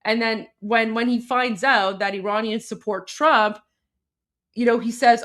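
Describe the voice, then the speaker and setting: A woman co-hosting a casual political commentary, talking over video clips in a chatty, animated way with many fillers and restarts. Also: fairly high pitch, measured pace.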